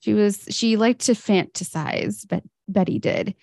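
A woman's voice: medium pitch, a little slow, creaky, darkish tone, no echo. A woman co-hosting a podcast, recounting a life story in a casual, chatty way with fillers. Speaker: podcast co-host. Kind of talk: casual history chat.

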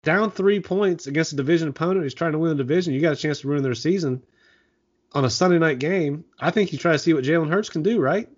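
A man co-hosting a casual sports talk show, recapping and analyzing in a measured way. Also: on the high side, darkish tone. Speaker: podcast co-host. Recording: dull lo-fi sound.

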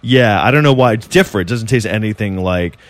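A man's voice: fairly low pitch, animated, quick pace, dry recording. A man telling a long story in casual podcast chat, rambling and full of fillers and swearing.

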